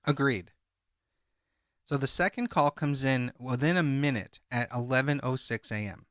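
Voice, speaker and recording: A man co-hosting a podcast, retelling a crime case and reading call transcripts aloud in a measured way. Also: medium pitch, fairly bright tone, no room sound, studio quality. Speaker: podcast co-host. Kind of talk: casual true-crime podcast chat.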